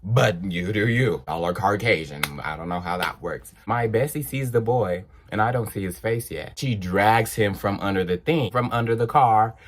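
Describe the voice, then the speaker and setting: A young man telling a personal story in a casual storytime vlog, animated and acting out the people in it. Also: fairly low pitch, slight background noise. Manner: animated, acts out voices, drawn-out exclamations. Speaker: vlogger.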